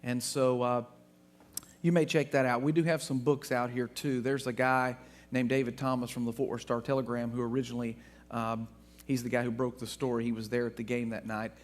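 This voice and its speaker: A man from Texas, a guest speaker, telling funny anecdotes to an audience in an animated way. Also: mid-range voice, a little fast. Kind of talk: storytelling talk to an audience.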